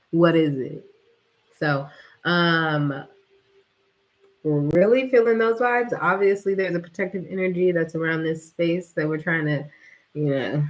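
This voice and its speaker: Casting: woman vlogger, low-ish voice, unhurried, slangy and laughing storyteller. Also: poor audio. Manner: animated, laughs often, slangy. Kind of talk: casual storytelling monologue.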